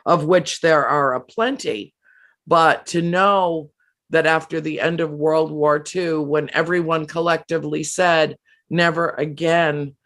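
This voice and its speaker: Woman interviewee, slow and heartfelt, stumbles and restarts as she shares a personal account. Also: deep voice. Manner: emotional, halting with frequent restarts and fillers. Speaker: guest. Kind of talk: earnest personal storytelling.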